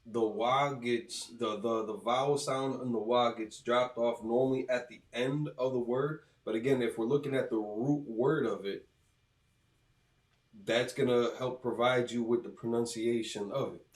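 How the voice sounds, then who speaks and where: A man giving a halting, casual explanation in a class, with many restarts and fillers. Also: medium pitch, fairly even intonation. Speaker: student teaching in a class. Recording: roomy, from a distance.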